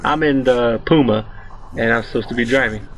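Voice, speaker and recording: A man in his twenties rambling through a story while commenting on his gameplay, excitable and swearing freely. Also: medium pitch, normal speed, low-quality recording. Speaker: let's play host.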